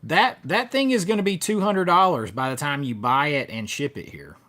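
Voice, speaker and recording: Male streamer host, casual rambling chat, bouncy slightly high delivery. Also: animated, normal speed, pushed and bright. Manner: rambling, many fillers and restarts. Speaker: livestream host. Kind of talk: casual live chat reading viewer comments.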